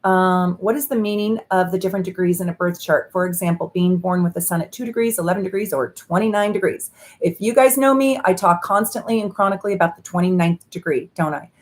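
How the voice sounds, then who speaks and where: Talking quickly in a fairly low voice, a woman astrologer runs a casual live stream with card readings. She chats effusively while pulling tarot cards for viewers, bubbly, laughing, and dropping "um" fillers.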